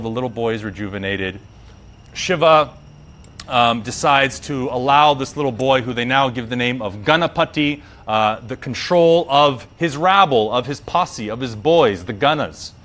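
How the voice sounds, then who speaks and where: Animated, slangy male yoga teacher. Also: mid-range voice. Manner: slangy, animated, acts out characters. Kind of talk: casual storytelling lesson.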